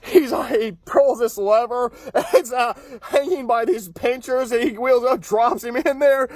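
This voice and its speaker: A man with a high, light voice recaps a cartoon episode in a relaxed, rambling way, laughing quietly between points. His voice sounds dry and close, with no room echo around it. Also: a little slow. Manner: chuckles often while recapping, upbeat and rambling; frequent filler "uh" and restarts.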